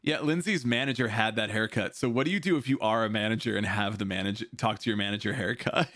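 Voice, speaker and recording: This is a man with a fairly low voice hosting a casual podcast from a home stream setup. He rambles, laughs often and drops swears. The sound is dry and close. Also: brisk, fairly bright tone, no echo. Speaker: podcast host. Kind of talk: casual chat.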